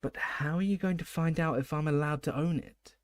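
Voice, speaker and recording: A man's voice: a little high, brisk, voice pushed up, close to an everyday voice. A man doing a teenage boy wizard in a storybook reading. He answers curtly and bluntly. He sounds stubborn and impatient. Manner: blunt, curt.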